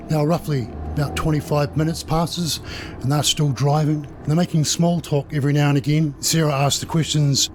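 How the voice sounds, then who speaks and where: A man's voice: on the high side, steady tone, normal speed, over music. A man narrating a crime story in a casual, rambling way.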